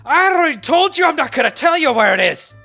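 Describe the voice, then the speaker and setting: A man doing a shrill, panicking little gnome. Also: big pitch swings, fast talker, vocal fry, sharp tone, soft background music, heavily acted. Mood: panicked. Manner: shrill, frantic. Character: panicking small male gnome captive.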